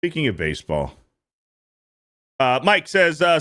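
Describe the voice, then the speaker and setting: A man's voice: medium pitch, normal speed, long pauses. A man in his thirties hosting a stream, ranting in casual, profane reaction commentary and repeating himself often. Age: 30s. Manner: animated, repetitive, profane ranting. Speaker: streamer host reacting to clips.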